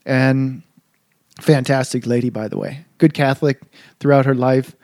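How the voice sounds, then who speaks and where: An earnest Catholic priest telling a story. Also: male voice, mid-range voice, fairly even intonation, moderate pace, darkish tone, no room sound, clean studio sound. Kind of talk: casual conversation.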